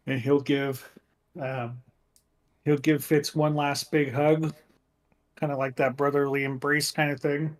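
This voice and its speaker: Flat-toned man role-playing a solemn character. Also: fairly high pitch. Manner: solemn, measured in-character speech. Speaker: player. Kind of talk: in-character tabletop role-play.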